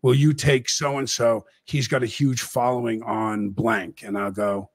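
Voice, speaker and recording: A man's voice: medium pitch, flat delivery, unhurried, no room sound. A middle-aged man hosting a talk show, telling rambling anecdotes in casual chat.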